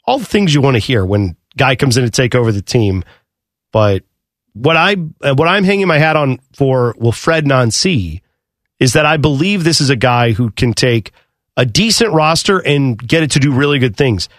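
A man's voice: medium pitch, very animated, moderate pace, fairly bright tone, dry recording, studio quality. A man co-hosting a sports radio show, talking casually and musing about the game. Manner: conversational, musing.

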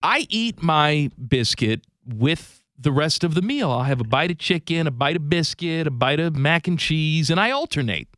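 A man's voice: on the high side, lively intonation, moderate pace, hardly any pauses, fairly bright tone, no echo, studio quality. A man co-hosting a radio talk show, chatting casually with a teasing, wry manner.

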